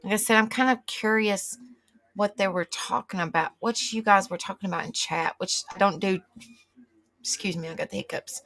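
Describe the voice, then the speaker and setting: A woman's voice: medium pitch, fairly quick, creaky, fairly bright tone. A middle-aged woman, hosting a live stream and chatting casually with viewers, rambling and reacting aloud as she reads the chat. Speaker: livestream host.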